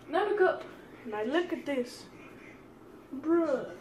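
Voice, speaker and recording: A woman vlogger talks straight to her viewers in a casual, excitable way, swearing freely. Her voice sits high, and she speaks at an unhurried pace. A faint hiss sits behind her. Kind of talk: casual mail-opening vlog.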